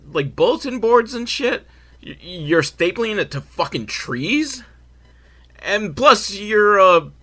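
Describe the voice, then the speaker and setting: Animated, sarcastic male movie recapper. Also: a little high. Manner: sarcastic, swearing, laughing at himself. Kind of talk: comedic film recap.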